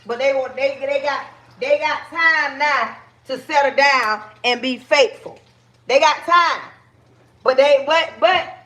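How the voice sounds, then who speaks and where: A woman's voice: high voice, slow, pushed and bright. A woman with a Southern US accent chatting casually with her viewers on a livestream while she cooks. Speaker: livestream host.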